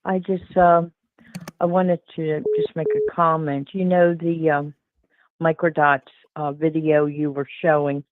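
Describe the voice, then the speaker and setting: A woman calling in to a show, speaking hesitantly with lots of pauses. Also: deep voice, little pitch movement, no room sound. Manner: hesitant, many ums. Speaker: caller. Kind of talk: call-in phone chat. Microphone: telephone. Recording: tinny dry phone line.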